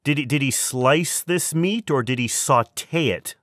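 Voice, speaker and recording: A man's voice: medium pitch, unhurried, fairly bright tone, no echo, studio quality. A man hosting a podcast, asking questions in a casual chat and cracking playful jokes. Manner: playful, jokey interjections. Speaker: podcast host.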